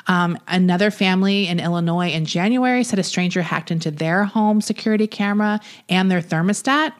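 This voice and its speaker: A woman co-hosts a casual podcast in a slightly low voice. She reads news stories aloud and chats loosely, with plenty of fillers. The delivery is relaxed and conversational. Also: brisk. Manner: relaxed, loose, filler-heavy with many uhs and likes. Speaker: podcast co-host.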